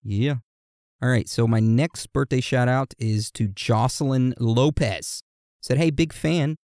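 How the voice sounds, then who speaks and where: A man co-hosting a podcast in casual chat, playfully reading out listener messages and birthday shout-outs. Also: mid-range voice, measured pace, no room sound, studio quality. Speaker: podcast co-host.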